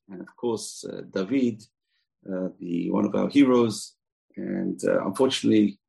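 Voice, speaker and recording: Torah teacher guy, chatty and rambling, gravelly husky voice. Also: lowish voice, a little mellow, rough recording. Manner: chatty and digressive, with asides. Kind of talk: casual scripture lesson.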